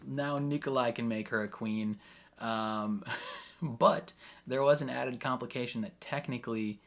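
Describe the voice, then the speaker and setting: A man giving casual, chatty reaction commentary on an episode, laughing often between thoughts. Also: mid-range voice. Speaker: reaction video creator.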